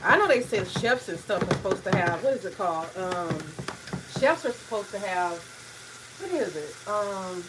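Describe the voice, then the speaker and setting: A woman's voice: mid-range voice, lively intonation, moderate pace, recorded from a distance, very noisy. A woman in a casual cooking vlog, chatting in a rambling way and often searching for words. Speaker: home cook vlogger. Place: home kitchen. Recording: voice a bit off-mic, faint kitchen sizzle.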